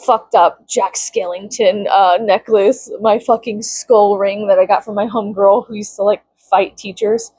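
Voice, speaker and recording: Husky-voiced woman venting profanely. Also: steady tone, a little slow, few pauses, dark tone, no room sound, low-quality recording. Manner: profane, sarcastic, swings into high mocking tones. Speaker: vlogger. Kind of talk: casual venting rant to camera.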